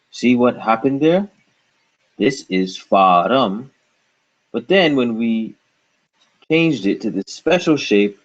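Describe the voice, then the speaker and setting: Slow, husky male language teacher. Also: fairly low pitch, highs cut off. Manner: repeats words slowly and asks questions to guide the learner. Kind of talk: slow, patient pronunciation lesson.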